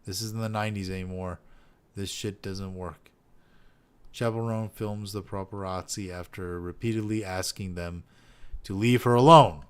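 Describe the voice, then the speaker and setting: A man's voice: on the low side, clean tone. Profane, ranting male podcast host. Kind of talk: casual commentary reading posts.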